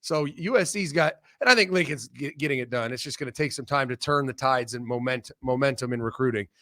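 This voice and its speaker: A man from Ohio, a former football coach, chatting as a guest and telling profane, animated stories. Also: medium pitch, fairly quick. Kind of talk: casual sports chat.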